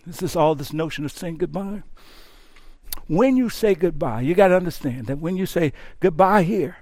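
A male pastor preaching a sermon, moving from hushed, tender lines to impassioned shouting and often repeating words as he builds up. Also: fairly high pitch, expressive, normal speed, no room sound, clean studio sound.

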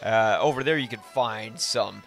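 A man's voice: on the low side, normal speed, vocal fry, a bit bright, soft background music. Rambling, enthusiastic male podcast host. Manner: rambling, enthusiastic, with frequent restarts. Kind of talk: casual podcast chat.

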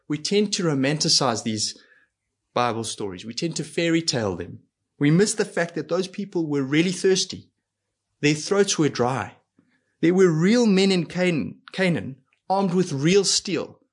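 A man's voice: fairly high pitch, slightly rough. A man preaching a sermon in an earnest way, asking rhetorical questions and acting out quoted lines. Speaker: pastor.

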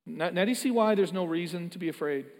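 A pastor with a high voice preaches a sermon at a quick pace, earnest and emphatic, often repeating words as he builds a point. The recording carries a long hall reverb.

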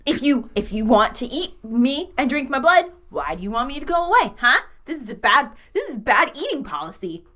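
A woman's voice: high voice, very animated, normal speed, few pauses, pushed and bright, full character voice. A woman playing a stubborn bossy oni lady. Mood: defiant. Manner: bossy, argumentative, defiant. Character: stubborn young female oni in a fine dress.

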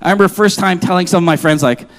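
A man in his forties preaching a sermon, reading scripture and telling a personal story in an animated, joking way. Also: sits high, rapid-fire. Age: 40s. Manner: animated, jokey, confessional storytelling. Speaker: pastor.

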